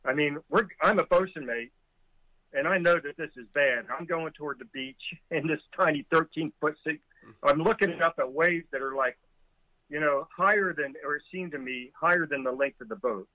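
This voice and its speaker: Speaking at a moderate pace in a slightly high voice, a former Coast Guard boatswain's mate, now middle-aged, tells the story of a rescue as a conversation guest. He narrates vividly with chuckles, and the audio is dull with no room sound.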